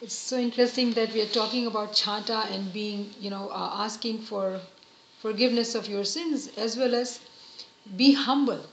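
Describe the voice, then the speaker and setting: A woman giving an earnest, gentle religious lesson, explaining each point patiently. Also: medium pitch, moderate pace, a little hiss or hum. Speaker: religious teacher. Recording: roomy, slightly dull recording.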